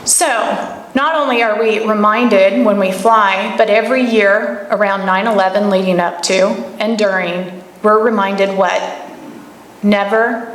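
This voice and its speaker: A woman's voice: medium pitch, fairly even intonation, unhurried. A woman giving a live talk to an audience, telling stories and asking the room pointed questions. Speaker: speaker at a camp gathering. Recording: echoey room with faint background noise.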